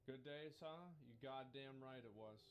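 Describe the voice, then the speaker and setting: A man's voice: mid-range voice, unhurried, a little hiss or hum. A man streaming live, chatting casually, reminiscing and answering chat in a rambling, profane way.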